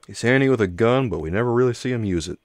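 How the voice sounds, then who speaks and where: A man's voice: medium pitch, lively intonation, quick pace, no echo, clean studio sound. A man from the United States giving casual, joking commentary as he plays through an old adventure game. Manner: chatty, joking with viewers. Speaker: let's play host.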